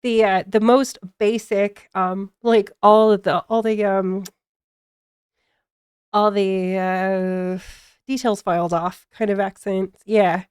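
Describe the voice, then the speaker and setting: A woman with a plain general American accent chats on her stream. Her voice is smooth and clean at a middle pitch, recorded dry and close. She halts often, filling gaps with fillers and easy laughs. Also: steady tone, a little mellow, dry recording. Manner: halting, many fillers, frequent laughs. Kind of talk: casual stream chat.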